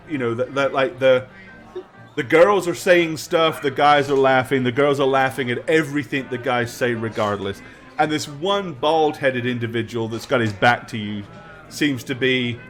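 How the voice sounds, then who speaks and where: A man's voice: mid-range voice, fairly bright tone. A man narrating a tabletop game as game master, chatty and rambling. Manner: chatty, rambling, laughs often.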